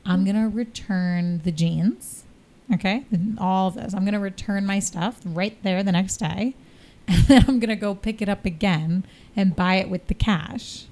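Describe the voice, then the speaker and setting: A woman's voice: mid-range voice, normal speed, darkish tone. A woman co-hosting a podcast, telling a story in casual chat and laughing often as she goes. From New York. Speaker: podcast co-host.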